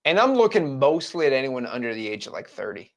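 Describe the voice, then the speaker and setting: Young male business coach, straight-talking, animated delivery with a wide pitch range, addressing camera. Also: fast talker. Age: 20s. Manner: blunt, frank and animated. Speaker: real estate wholesaling coach. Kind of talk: motivational talk to camera.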